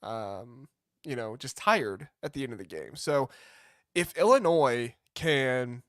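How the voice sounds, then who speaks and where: A man's voice: mid-range voice, takes it slowly, dry recording, clean studio sound. A man co-hosting a sports podcast, talking casually and thinking aloud with fillers. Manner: animated, reasoning aloud with fillers. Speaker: podcast co-host.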